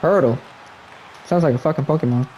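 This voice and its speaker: A man's voice: a little high, brisk, warm tone, a little hiss or hum. A man chatting casually and swearing freely as he plays and reacts to a hockey video game. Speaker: gaming streamer. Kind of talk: casual gameplay commentary.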